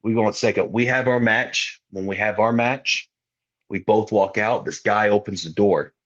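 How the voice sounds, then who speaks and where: A man's voice: lowish voice, normal speed, highs cut off. A young man, a wrestler guest on a podcast, telling stories in a casual, slangy way and acting out what people said. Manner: animated, slangy storyteller who acts out quotes. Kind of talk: casual storytelling.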